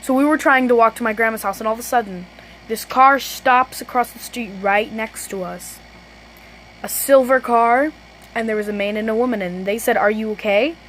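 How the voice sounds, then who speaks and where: A teenage girl telling a storytime vlog, rambling and restarting sentences, often saying "low-key.". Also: normal speed, a bit bright, slight background noise, poor audio. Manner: self-correcting, restarts sentences. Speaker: vlogger.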